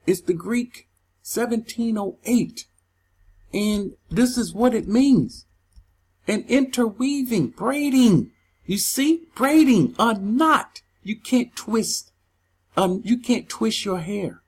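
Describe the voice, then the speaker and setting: A husky, slightly breathy voice reads scripture verses aloud and then argues over them. The speaker is emphatic and heated, and often stumbles and restarts mid-sentence while pressing each point. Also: mid-range voice, takes it slowly. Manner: agitated, stumbles over words. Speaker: Bible teacher.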